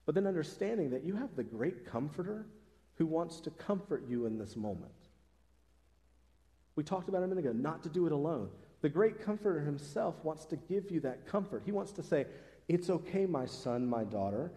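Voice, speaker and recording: Male pastor, mellow low-key tone, earnest conversational preaching, church reverb trailing each line. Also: animated, brisk. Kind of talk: sermon. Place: church sanctuary.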